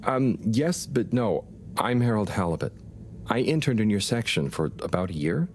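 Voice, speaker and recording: Polite, unsure young lab assistant in a game, voice rising and falling a lot. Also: male voice, on the low side, sing-song, moderate pace, a little mellow, a little hiss or hum. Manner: hesitant, polite. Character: awkward young male lab intern. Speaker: professor's assistant.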